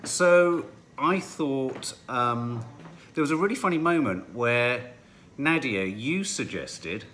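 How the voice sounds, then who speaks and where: A man co-hosting a home TV review chat. His pitch swings widely as he rambles on enthusiastically. There is a faint hiss of background noise. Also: lively intonation, slow, a bit bright. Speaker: TV review podcast co-host. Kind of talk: casual chat.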